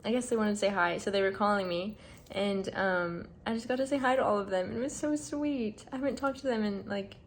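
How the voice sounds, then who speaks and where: A woman's voice: medium pitch, fairly quick, a little hiss or hum. A young woman vlogging indoors, rambling through a heartfelt story with lots of fillers. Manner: gushing, rambling with many fillers. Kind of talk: casual storytelling to camera. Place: indoors, packing up a room.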